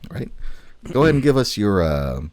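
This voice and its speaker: A man with a low voice that swings widely in pitch, co-hosting a casual podcast chat. He talks in an excitable way, swears freely and sounds a little tipsy from wine. The recording is dry and close to the mic. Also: fairly quick, dry recording. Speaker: podcast co-host.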